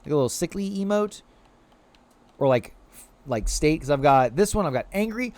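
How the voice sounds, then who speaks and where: A man's voice: medium pitch, a little fast, no room sound. A man live-streaming a video game, rambling casually to his chat with many filler words and cooing at the creatures on screen. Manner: animated, rambling, heavy "like" fillers; coos playfully at game creatures.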